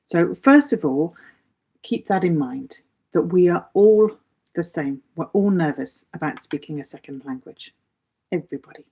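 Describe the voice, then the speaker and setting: A woman's voice: fairly low pitch, animated, moderate pace, mellow, husky. A woman from England with an English accent, giving a chatty live English lesson and answering viewers' questions with many asides. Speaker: English teacher.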